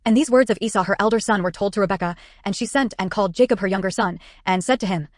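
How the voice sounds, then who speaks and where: A woman reads scripture aloud at a brisk clip, in a steady, even cadence. Her voice sits mid-range and sounds close and dry, with no room around it. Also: mid-range voice, no room sound. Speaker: Bible reader. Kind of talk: scripted Bible narration.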